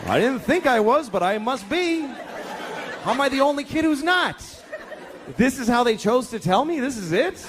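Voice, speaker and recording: A man's voice: extremely high pitch, very animated, normal speed. A man doing a stand-up comedy set, telling stories in a profane, exasperated way. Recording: live club with audience laughter and noise. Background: crowd laughing.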